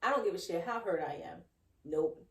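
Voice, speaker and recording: A woman's voice: on the low side, expressive, a little fast, distant mic. A woman co-hosting a podcast, blunt and outspoken in casual chat. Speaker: podcast co-host. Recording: echoey room, a bit off-mic.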